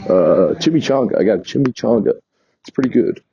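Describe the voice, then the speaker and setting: A man's voice: on the low side, animated, fairly quick, mellow. A man from New York casually telling a meandering travel story, often stopping to correct himself. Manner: meandering, self-correcting, chatty. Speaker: vlogger. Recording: dull lo-fi sound.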